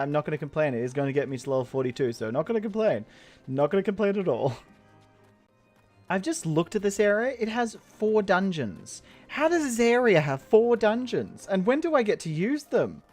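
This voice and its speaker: A gamer giving playful, rambling commentary on an online role-playing game, joking and laughing along. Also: mid-range voice. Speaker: game streamer. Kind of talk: let's play commentary.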